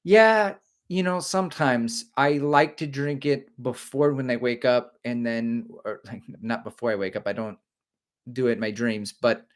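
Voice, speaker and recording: A man's voice: mid-range voice, unhurried. A middle-aged man hosting a casual live stream, joking and rambling while he reads viewer comments aloud.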